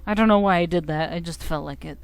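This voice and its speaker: A woman's voice: lowish voice, quick pace, gravelly, clear, resonant tone. A young woman streaming a video game, joking and self-mocking as she reads the text aloud. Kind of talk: casual game commentary. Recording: faint game music behind.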